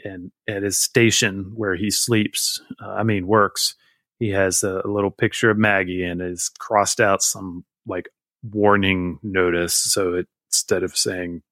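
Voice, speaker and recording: A man's voice: low-pitched, sharp tone, no echo, clean studio sound. A man in his forties, a guest who tells a rambling, candid, self-deprecating story in casual conversation.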